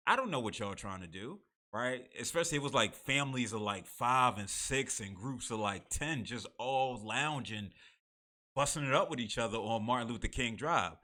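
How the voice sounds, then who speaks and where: Bright-voiced man hosting. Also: on the low side. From United States. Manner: conversational, laughs between remarks, many restarts. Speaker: host and moderator of a live online show. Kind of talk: casual talk-show monologue.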